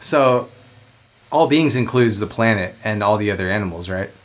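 A man with a Southern American accent, co-hosting a casual podcast chat, animated, laughing often and swearing freely. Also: lowish voice, normal speed. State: high. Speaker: podcast co-host.

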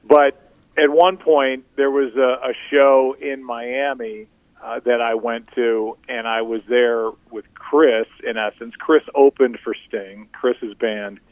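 A middle-aged man telling self-deprecating stories as a guest in a casual interview, with halting restarts. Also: mid-range voice, fairly even intonation, dry recording. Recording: tinny phone-like remote line.

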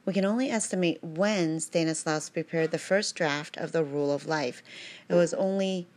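A woman's voice: sits low, moderate pace, darkish tone. A woman reading a religious text aloud at home, breaking off into chatty, digressive asides and asking "right?" again and again.

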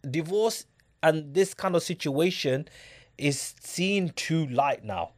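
A man's voice: on the high side, animated, takes it slowly. A man in a casual discussion, speaking emphatically and often asking his listener if he gets it. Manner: emphatic, keeps asking "do you get it?".

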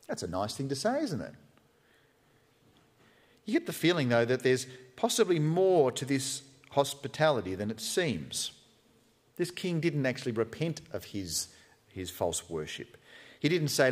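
A man's voice: mid-range voice, very animated, a little slow, pauses often, breathy edge, long reverb tail. A man preaching a sermon in a church, conversational and humorous, often acting out quotes. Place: church hall with live stream.

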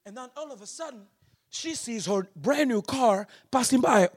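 A man preaching a sermon, telling a family story in a low, quiet voice and then rising into shouted exhortation. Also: animated, normal speed, breathy edge.

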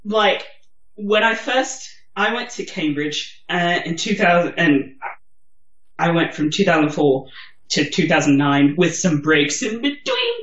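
A woman with a posh English accent, co-hosting a podcast in casual chat, animated and swearing freely. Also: lowish voice, unhurried, echoey room, muffled recording. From Germany. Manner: animated, swears and laughs often. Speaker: podcast co-host.

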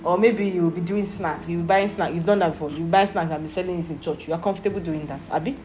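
Speaking quickly and with fairly even intonation, a woman with a lowish voice and a Nigerian accent teaches a Bible lesson. She is earnest and keeps asking "Do you understand?" to check on her listeners. The recording has a roomy echo, with music playing behind her.

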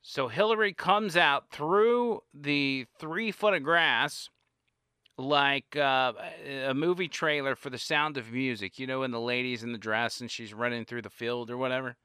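A man telling a casual anecdote in an animated way, his pitch and loudness rising and falling as he goes. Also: measured pace, clear, resonant tone, no room sound, studio quality. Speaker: storyteller.

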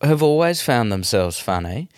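A middle-aged man with a New Zealand accent, a comedian chatting in an interview in a rambling, animated way with many restarts. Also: mid-range voice, moderate pace, smooth, no echo, clean studio sound. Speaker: comedian, guest. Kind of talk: casual interview chat.

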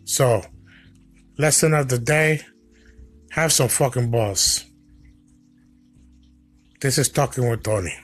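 A man's voice: medium pitch, soft background music. A man hosting a comedy podcast, talking in a crude, swaggering monologue full of profanity. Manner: profane, swaggering, drawn-out delivery. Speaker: podcast host.

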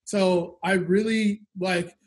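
A man in his thirties with a high voice shares personal stories in a relaxed podcast chat. He talks candidly and reflectively, as a co-host who runs a business. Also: takes it slowly. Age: 30s. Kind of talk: casual chat.

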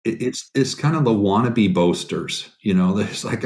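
A man's voice: lowish voice, measured pace, hardly any pauses. A middle-aged man, a biblical counselor, answering interview questions in an earnest, storytelling way. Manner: earnest, animated storytelling with quoted asides. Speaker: guest, biblical counselor and author.

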